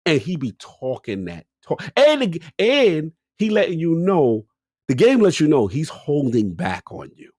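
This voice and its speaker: An animated man co-hosting a gaming podcast, telling a long story in casual chat. His pitch swings widely as he acts out his own reactions, and the sound is dry and close. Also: a little slow, dry recording. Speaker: podcast co-host.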